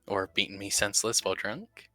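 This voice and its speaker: Young man, role-play narration, earnest, lowish pitch, dry close sound. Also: a little fast, pushed and bright, dry recording. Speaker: tabletop role-play player. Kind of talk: casual role-play narration and in-character talk.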